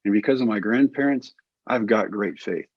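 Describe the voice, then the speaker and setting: Husky-voiced man telling a story. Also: lowish voice, moderate pace, dry recording, muffled recording. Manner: animated storyteller acting out quotes. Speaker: guest, former pitcher and coach. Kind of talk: storytelling interview.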